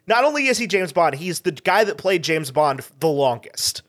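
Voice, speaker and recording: A man from the American South, chatting casually as a podcast guest in an animated way, swearing and laughing a lot. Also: a little high, moderate pace.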